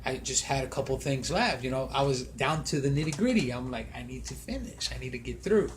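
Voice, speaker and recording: A man's voice: mid-range voice, lively intonation, a little fast, slight background noise. A man co-hosting a podcast, casually telling a story with animation and acting out his own thoughts. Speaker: podcast co-host. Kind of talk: casual chat.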